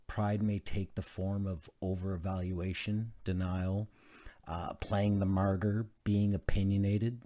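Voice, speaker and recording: A man's voice: lowish voice, dark tone. A man reading aloud from a book, with casual asides and frequent fillers. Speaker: channel host reading a self-help book.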